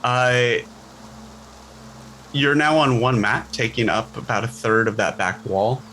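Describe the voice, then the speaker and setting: Male game master, bright voice, relaxed descriptive narration, home stream mic, a faint hiss behind. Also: medium pitch, a little slow. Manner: relaxed, descriptive, laughs often. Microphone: home microphone on a live stream.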